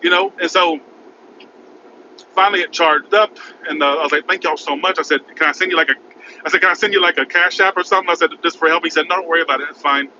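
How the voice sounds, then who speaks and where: A man telling a rambling, frantic story in a casual vlog, recorded in his car by a highway. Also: fairly even intonation, quick pace, pushed and bright. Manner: rambling, frantic, repeats "oh my God". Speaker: vlogger. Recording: muffled with road noise.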